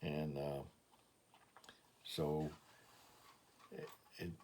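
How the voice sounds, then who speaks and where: A man's voice: very deep voice, level tone, drawn-out words, warm tone, a little hiss or hum. An older man with an Alabama accent, preaching a sermon as a plain, folksy testimony with frequent fillers. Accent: Southern US, Alabama.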